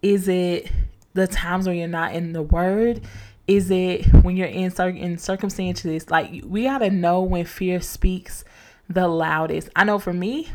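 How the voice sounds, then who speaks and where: This is a woman hosting a faith-based motivational podcast in a relaxed, conversational way. She keeps turning to her listeners as friends, repeating her main points like a preacher. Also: lowish voice. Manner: casual, encouraging, preacher-like repetition, addresses listeners as y'all. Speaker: podcast host.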